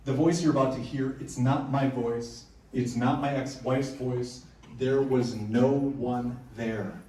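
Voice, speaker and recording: A man's voice: medium pitch, steady tone, slow pace, mellow. A man presenting at a conference, telling spooky stories to a packed room in a casual, joking way with frequent restarts. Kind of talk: storytelling talk to a live audience. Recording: echoey room, heard from far off.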